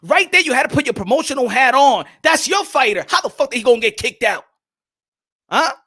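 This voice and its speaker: A man hosting a live boxing stream rants heatedly, swearing and repeating words a lot, and greets chat viewers by name mid-rant. His voice is very high, sing-song, sharp and husky, at a fairly quick pace.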